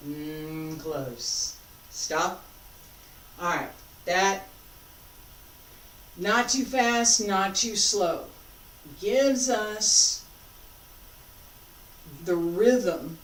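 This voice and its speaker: Slow-talking woman coaching from across a room. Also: mid-range voice. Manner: calm, repetitive coaching cues and questions. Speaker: martial arts instructor. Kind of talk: teaching while demonstrating. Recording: echoey room, voice from a distance.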